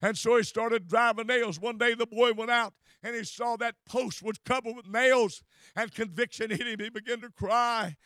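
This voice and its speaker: A man's voice: very high voice, fairly even intonation, moderate pace, fairly bright tone, dry recording, clean studio sound. A man preaching a sermon with fervent delivery, often stumbling over and repeating his words.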